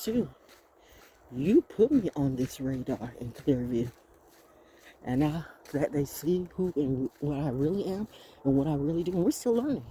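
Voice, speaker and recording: A woman's voice: low-pitched, mellow, slight background noise. A woman in her sixties musing in a rambling, reflective monologue outdoors, often asking rhetorical questions. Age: 60s. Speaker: vlogger. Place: outdoors by a fenced yard with dogs.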